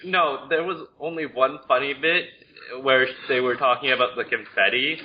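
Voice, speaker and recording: Podcast co-host, relaxed everyday man, casual movie talk, dull recording with faint noise. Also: medium pitch, moderate pace. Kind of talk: casual movie-review chat.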